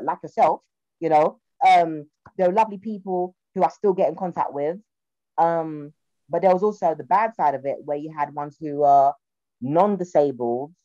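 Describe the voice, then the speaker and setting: A young woman from South London tells stories in a low, mellow voice, acting out the people she quotes. Her South London accent runs through the relaxed chat. The sound is dry and a little dull. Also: no room sound. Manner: animated storyteller, acts out quotes in voices. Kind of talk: casual chat.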